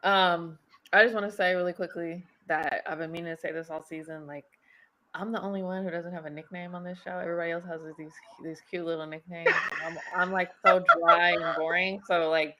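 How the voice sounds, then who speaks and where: A woman hosts a relaxed recap chat in a lowish voice. She talks in a chatty, animated way and laughs often. A faint hiss of noise sits under her voice. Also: brisk. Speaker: podcast host.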